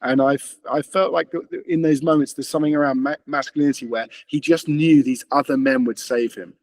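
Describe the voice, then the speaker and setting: A man's voice: medium pitch, fairly even intonation, dry recording. A man speaking as an interview guest, earnest and full of restarts. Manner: earnest, rapid, frequent restarts. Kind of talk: conversational interview.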